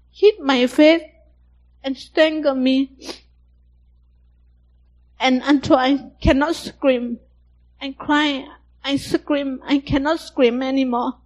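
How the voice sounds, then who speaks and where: Young woman, slow halting testimony, simple English. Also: sits high, muffled recording. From Thailand. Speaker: survivor giving testimony. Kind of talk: personal testimony.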